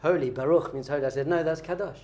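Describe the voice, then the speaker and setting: A man leads a class as a rabbi, his voice pitched somewhat high for a man. He teaches in an animated, playful way and keeps quizzing his students. He sounds middle-aged. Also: fast, a little hiss or hum.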